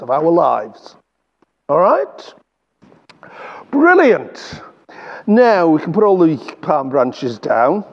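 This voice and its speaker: Leading a spirited children's Bible lesson, a man with an English accent encourages the kids and draws his words out slowly. His pitch is slightly high, and the recording sounds muffled.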